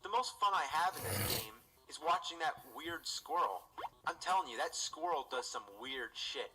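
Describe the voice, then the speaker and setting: An actor playing a foul-mouthed, exasperated game critic, ranting incredulously through a scripted comedic review. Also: male voice, fairly high pitch, animated, normal speed, noisy background, close to an everyday voice.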